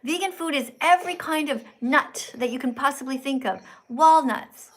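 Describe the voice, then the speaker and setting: A woman's voice: high-pitched, moderate pace. A woman hosting a livestream video call, lecturing insistently and often cutting in. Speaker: livestream host. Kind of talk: livestream chat.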